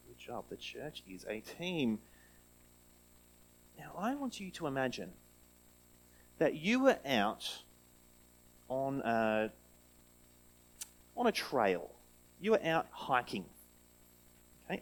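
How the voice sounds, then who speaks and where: Slow, animated man leading a children's talk. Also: medium pitch, poor audio. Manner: animated, asks children questions and leads call-and-response. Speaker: church children's talk leader. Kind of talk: scripture reading and children's talk.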